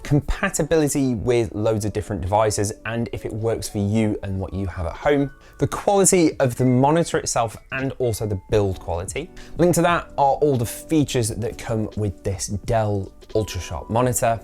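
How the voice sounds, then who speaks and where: A man's voice: medium pitch, darkish tone. A man presenting an orderly product review, explaining specs step by step. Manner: orderly, explanatory, spec-heavy. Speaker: tech reviewer.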